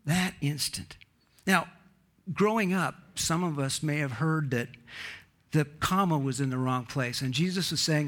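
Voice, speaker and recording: A man's voice: unhurried, fairly bright tone, a little hiss or hum. Earnest male preacher, emphatic sermon. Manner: earnest, emphatic, rises in pitch on key points.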